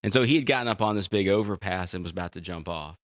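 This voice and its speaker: A man's voice: deep voice, fast talker, no echo, clean studio sound. A man co-hosting a podcast in casual chat, a playful storyteller. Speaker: podcast co-host.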